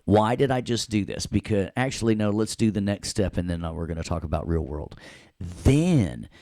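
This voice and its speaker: Playful low-voiced Southern man teaching. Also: animated, moderate pace, creaky, mellow, no room sound. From Southern US, Tennessee. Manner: playful, jokey, makes sound effects. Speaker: instructor. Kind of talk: casual classroom tutorial.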